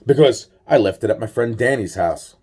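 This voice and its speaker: A man's voice: mid-range voice, animated, normal speed, a little mellow, slightly rough. A man telling a personal story in a rambling, profane way, full of restarts and acted-out dialogue. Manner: acts out both sides of conversations.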